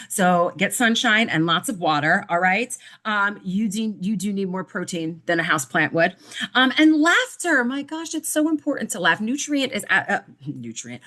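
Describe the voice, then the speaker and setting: A woman's voice: mid-range voice, pushed and bright. A woman hosting a wellness podcast, talking casually and at length, full of fillers like "like" and "you know", dropping the odd swear word and acting out little inner voices. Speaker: podcast host, nutritionist.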